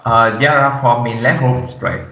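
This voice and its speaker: Young man, student presenter, halting reading, echoey room, distant muffled mic. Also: medium pitch, fairly even intonation. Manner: halting, reads aloud with frequent "uh" fillers. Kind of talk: class presentation read from slides.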